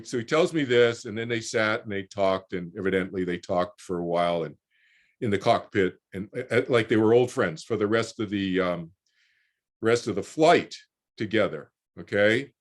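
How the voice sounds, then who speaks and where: A man in his sixties, a guest in an interview, telling a personal story in an animated way, often repeating words as he finds his thread and acting out what others said, heard over a video call. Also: lowish voice, normal speed. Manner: repeats words while finding his thread, voices other people in quotes.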